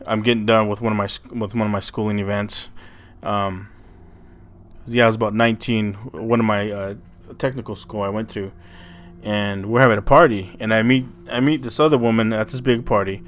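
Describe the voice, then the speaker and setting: A podcast host with a lowish, slightly bright male voice tells a story in a rambling, casual way. He stumbles over and repeats his words and swears freely.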